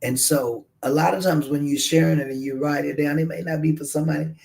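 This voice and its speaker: A man's voice: on the high side, steady tone, fast talker, creaky, a little mellow, low-quality recording. Earnest man hosting a faith radio show. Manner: earnest, encouraging, inviting listeners to share. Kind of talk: casual radio talk.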